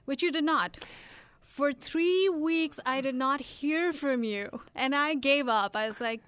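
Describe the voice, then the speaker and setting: Speaking in a high voice with no echo, a young Indian English-accented woman guests on a radio interview. She chats animatedly, laughs easily, and often stops and restarts.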